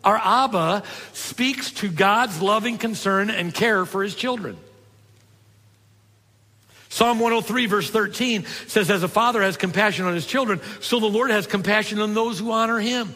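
An older man preaching a sermon, telling stories in a conversational way and dropping low and soft for tender points. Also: normal speed, in a large hall. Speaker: pastor.

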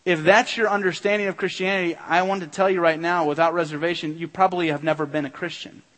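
A man's voice: on the high side, steady tone, fast, a bit bright. A middle-aged pastor preaching a sermon in a church, earnest and urgent, pressing his points through repetition. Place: church sanctuary. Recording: long hall reverb.

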